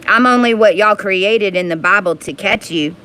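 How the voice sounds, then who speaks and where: A woman in an angry, profane monologue to her viewers, rising into yelling. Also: medium pitch, moderate pace, slight background noise.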